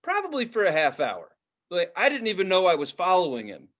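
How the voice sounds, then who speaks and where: A young man rambles through a story on a casual podcast, swearing freely and stumbling over his words. His voice sits a little high for a man. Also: wildly swooping pitch, a little fast, a bit bright, lo-fi sound. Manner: rambling, profane, laughing storyteller. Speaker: podcast co-host.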